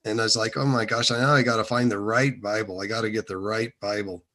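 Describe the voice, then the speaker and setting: Speaking fast in a lowish, sharp voice with fairly even intonation, a man shares his personal faith testimony in an interview. His telling is casual and wandering, full of fillers and false starts.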